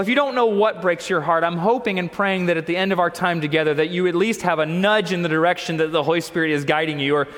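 A man's voice: sits high, fairly bright tone, in a large hall. A male pastor preaching a sermon, telling a personal story earnestly and acting out the dialogue.

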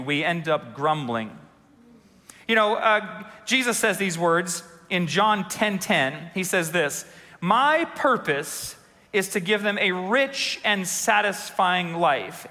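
A man preaching in a church sanctuary, his high, bright voice ringing out with a long reverb behind it. He tells funny stories and keeps turning to the congregation with questions. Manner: storytelling with humor and audience questions. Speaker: pastor. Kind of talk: sermon.

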